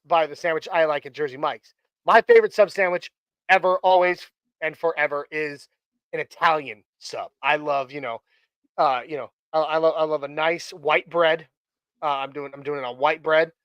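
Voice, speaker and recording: A man's voice: on the high side, fairly bright tone, smooth, no echo, poor audio. A man hosting a casual live stream chat, talking in a rambling way with many fillers and restarts. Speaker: host.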